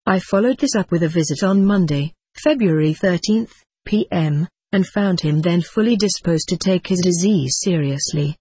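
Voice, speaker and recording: A woman narrating an audiobook of diary entries in a steady, measured reading. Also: fairly low pitch, breathy edge, no echo.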